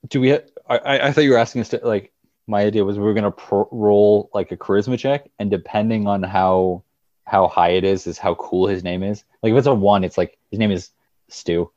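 Lower-voiced joking player man. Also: steady tone, a little fast, a little mellow, no echo, highs cut off. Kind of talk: casual tabletop play.

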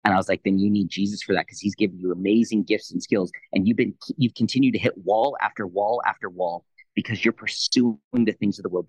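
Guy in his 30s, lowish voice, telling his faith story fast and lively, really dry close mic. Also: no room sound, rough recording. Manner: animated, quick retelling that acts out both sides of a conversation. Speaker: Christian leader, podcast guest. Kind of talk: personal testimony storytelling.

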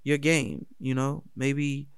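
A man's voice: medium pitch, flat delivery, slow, smooth, dry recording, studio quality. A man voicing a cold, dismissive coach who scolds bluntly while retelling a story.

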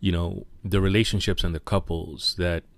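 Deep-voiced man hosting a podcast. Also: steady tone, moderate pace, vocal fry, no room sound. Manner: hesitant, with frequent fillers and self-corrections. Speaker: podcast host. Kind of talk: casual podcast commentary.

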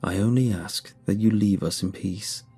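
Man voicing an ancient calm dog-dwelling mold. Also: slightly rough, soft background music. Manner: slow, low, measured.

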